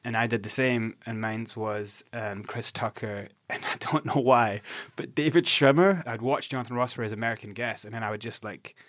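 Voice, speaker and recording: A man's voice: mid-range voice, normal speed, few pauses, dry recording. Scottish man telling his story, dry sound. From Scotland. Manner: animated, swearing, many restarts. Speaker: interview guest. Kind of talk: candid storytelling interview.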